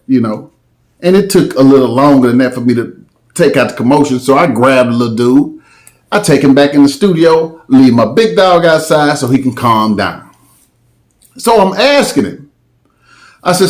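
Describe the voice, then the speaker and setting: Animated man telling a story. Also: mid-range voice, normal speed. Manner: animated, slangy storytelling with dramatic asides. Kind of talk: casual storytime.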